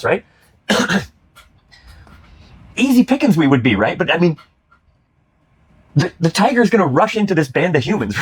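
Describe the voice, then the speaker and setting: A man's voice: high voice, slightly rough. A man hosting casual chat about comedy clips, rambling with many restarts, swearing and laughing. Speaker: host reacting to comedy clips.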